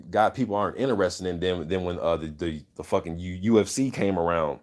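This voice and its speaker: A man with a fairly low voice hosts an unscripted boxing talk, riffing on viewer comments. He speaks in a loose, profane, opinionated way. He keeps checking in with "you know what I'm saying". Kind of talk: casual unscripted chat.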